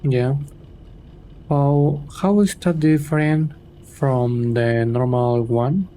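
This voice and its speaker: A man whose native language is Spanish, giving casual gameplay commentary and reading game lines aloud haltingly, with a Spanish-speaking accent. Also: mid-range voice, steady tone, warm tone, slight background noise. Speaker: gamer streamer.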